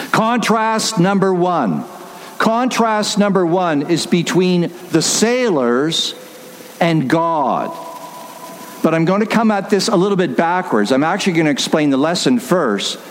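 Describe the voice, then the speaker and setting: A man's voice: a little high, slight background noise. A man preaching a sermon as pastor, emphatic and repetitive, laying out his points step by step.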